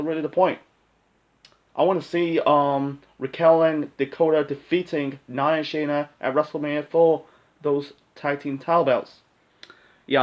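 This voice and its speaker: Rambling man with a slightly high voice. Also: dull audio. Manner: rambling, many fillers and restarts; blunt, occasionally swears. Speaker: wrestling pay-per-view predictions host. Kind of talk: casual solo commentary.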